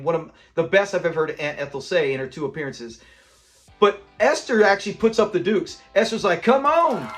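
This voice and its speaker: A man with a high voice gushes through an episode breakdown, slipping into the characters' lines as he recaps. Faint music sits under his talk. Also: fairly bright tone. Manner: enthusiastic, acts out quoted lines. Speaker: channel host.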